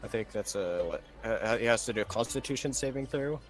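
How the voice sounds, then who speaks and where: A man playing in a tabletop game, halting as he works out the rules aloud. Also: fairly low pitch, soft background music. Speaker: player. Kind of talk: casual chat at a game table.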